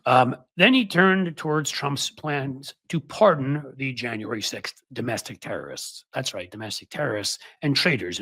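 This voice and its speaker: A man's voice: fairly low pitch, sharp tone, husky, no room sound. A man hosting casual political commentary, talking in a sarcastic, mocking way.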